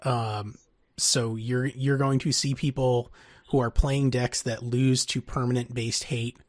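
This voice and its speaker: A man co-hosting a podcast, talking casually and haltingly about card game strategy with many pauses. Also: mid-range voice, little pitch movement, no echo, clean studio sound. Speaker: podcast co-host.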